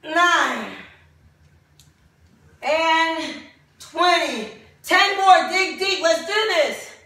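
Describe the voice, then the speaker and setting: Woman fitness coach counting reps at home, out of breath, bright voice, super echoey room. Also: very high voice, animated, drawn-out words, far from the mic. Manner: encouraging, counts reps aloud while exercising. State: out of breath during exercises. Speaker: fitness instructor.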